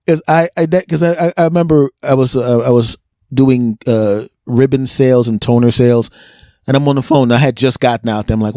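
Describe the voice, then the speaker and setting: A comedian with a Philadelphia accent chats on a podcast in a mid-pitched male voice. He tells stories with energy and slips into other people's voices as he goes. The sound is dry and close, with little room echo. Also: a little fast. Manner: animated storyteller who acts out other people's voices. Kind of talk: casual podcast chat.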